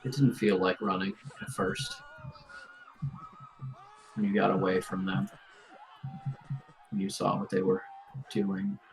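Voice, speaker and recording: Man, game master, gravelly and slow-spoken, grave second-person narration for a tabletop game. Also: low voice, lively intonation, faint music behind, low-quality recording.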